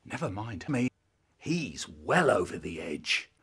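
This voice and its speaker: A man telling a comic story in an animated, theatrical way. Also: fairly low pitch, takes it slowly, husky.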